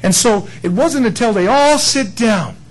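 A man preaching a sermon in a folksy, animated way, building up to emphatic peaks. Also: sits high, measured pace, rough recording. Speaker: pastor.

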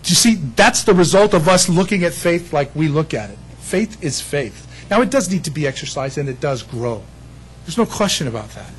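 A man preaching a sermon as pastor, animated, acting out other people's voices with self-deprecating humor. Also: on the high side, moderate pace, a little hiss or hum, low-quality recording.

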